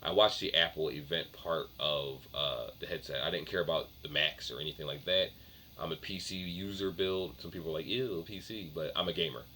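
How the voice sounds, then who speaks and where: Deep-voiced man rambling in a casual vlog. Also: a little fast, sharp tone, slight background noise. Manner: chatty, self-correcting, offhand. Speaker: tech vlogger.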